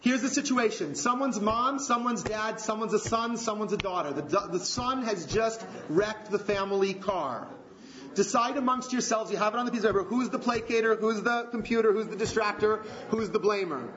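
A man leading a relationship workshop, asking the group rhetorical questions in an animated way. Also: sits high, normal speed. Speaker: workshop leader. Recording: echoey room, dull lo-fi sound.

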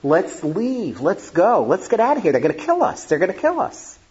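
A man's voice: a little high, sing-song, moderate pace, darkish tone. Stern, emotional old grandfather, quoted by a male speaker, emphatic; slightly muffled audio. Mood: urgent.

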